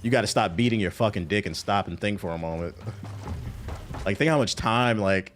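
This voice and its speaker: A man's voice: lowish voice, a little fast, a bit bright, slight background noise. A man streaming a game and chatting casually with viewers in a joking, profane, rambling way. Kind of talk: casual chat while gaming.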